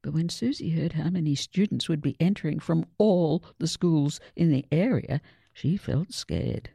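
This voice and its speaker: A woman reading a children's picture book aloud, slow and expressive. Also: deep voice, gravelly, husky, no echo, studio quality. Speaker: storyteller.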